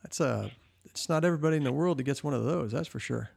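A man's voice: fairly high pitch, fast talker, gravelly, a little mellow, slightly rough, no room sound. A man hosting a casual interview who gives short, supportive replies and talks to listeners directly. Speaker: interview host.

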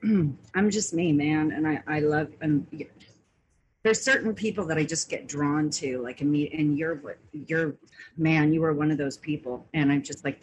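A woman's voice: sits low, steady tone, moderate pace, darkish tone, slight background noise, poor audio. A woman calling in to a live stream panel, talking in a gushing, affectionate way. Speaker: caller. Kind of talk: casual chat.

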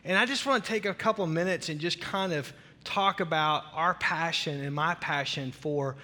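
A middle-aged man with a Southern US accent gives a church welcome as senior pastor, chatty and joking, rambling with restarts. His voice is bright and sits a little high. He speaks into a stage mic, and the large hall around him rings with a long reverb. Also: normal speed.

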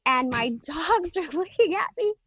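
A woman telling a funny story as a podcast guest, animated and laughing often as she talks. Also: very high voice, measured pace, dry recording. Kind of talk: casual storytelling.

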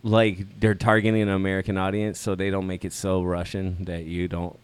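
A man's voice: low voice, completely flat delivery, moderate pace, clean tone, no echo. A man co-hosting a podcast in casual chat, hesitant and stammering, with casual swearing. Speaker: podcast co-host.

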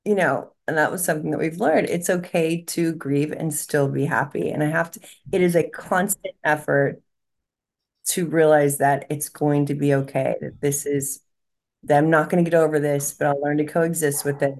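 Woman, deep voice, medium, podcast co-host, rambling, emotional, laughing. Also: steady tone, moderate pace, a little mellow. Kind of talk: casual podcast conversation.

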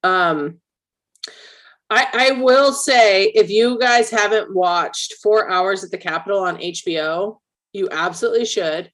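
A woman's voice: medium pitch, unhurried, a bit bright. A woman co-hosting a podcast, talking bluntly and opinionatedly, swearing freely. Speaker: podcast co-host. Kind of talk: casual chat.

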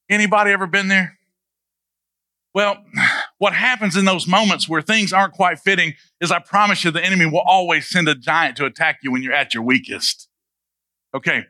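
A man's voice: sits high, sharp tone, dry recording. A male pastor who retells a Bible story in a loose, humorous, conversational sermon and asks his listeners questions.

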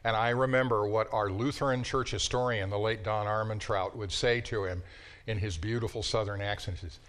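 A man co-teaching a Bible class, speaking in a relaxed, conversational way and telling stories from his seminary days. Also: on the low side, brisk.

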